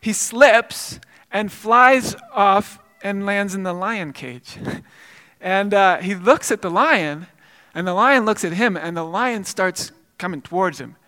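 A man's voice: high-pitched, slow pace, pushed and bright, long reverb tail. A male pastor preaching a sermon, telling a story earnestly with frequent repeated words and restarts.

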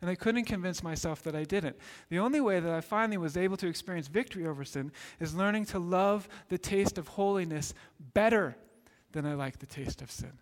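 High-voiced preacher in a reverberant hall. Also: male voice, fairly quick. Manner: earnest storytelling, builds to excited peaks. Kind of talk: sermon.

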